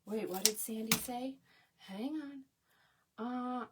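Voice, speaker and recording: A woman's voice: a little high, slow, pauses often, slightly rough. A middle-aged woman, hosting a crafting live stream in a chatty, easy-laughing way and greeting viewers. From Oklahoma. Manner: chatty, reads viewer comments aloud, laughs easily. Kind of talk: casual live-stream chat. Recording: voice a bit far from the mic.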